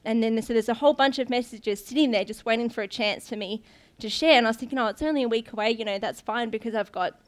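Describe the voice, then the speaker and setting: A woman's voice: a little high, quick pace. A young woman giving an informal sermon to her church, telling stories in a chatty way with lots of ums and restarts. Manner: chatty, laughs often, many ums and restarts. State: briefly tearful. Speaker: guest preacher, pastor's daughter.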